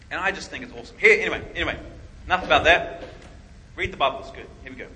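Bright, animated male preacher. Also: a little high, very fast, a little hiss or hum, low-quality recording. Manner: animated storytelling with acted-out quotes. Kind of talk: sermon.

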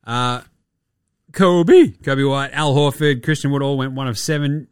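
A man's voice: a little high, unhurried, clean tone, no room sound, studio quality. A young Australian man hosting a casual sports podcast, blunt and laid-back, swearing freely. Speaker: podcast host.

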